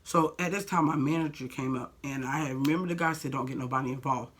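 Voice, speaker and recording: A woman's voice: rumbling low, fast talker, slightly rough. A young woman vlogger telling a personal story in a blunt, heated way, full of "like" and swearing. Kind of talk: storytime vlog.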